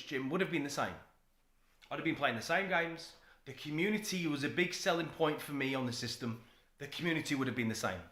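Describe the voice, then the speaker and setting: A man's voice: mid-range voice, fairly bright tone. A man giving opinionated, insistent commentary in a video. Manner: argumentative, insistent. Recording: roomy echo.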